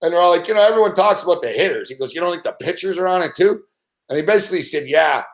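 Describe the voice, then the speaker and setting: Profane middle-aged man, rambling rant, somewhat high voice, stories told with quoted voices. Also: animated, racing. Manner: swears constantly, tells stories with quoted voices. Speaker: sports betting show host.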